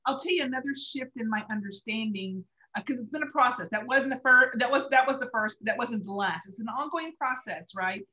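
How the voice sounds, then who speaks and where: Woman, middle-aged, co-host, earnest storyteller, emotional, somewhat high pitch. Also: brisk, few pauses, bright, forceful tone, poor audio. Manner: earnest storytelling, emotional, laughing through tears at moments. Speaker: co-host sharing a personal story. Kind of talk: casual faith talk.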